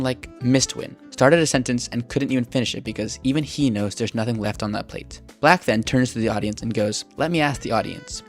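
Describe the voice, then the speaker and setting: A man's voice: on the low side, a little mellow. A man reading scripted, sarcastic mock chess commentary on online arguments. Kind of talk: scripted narration.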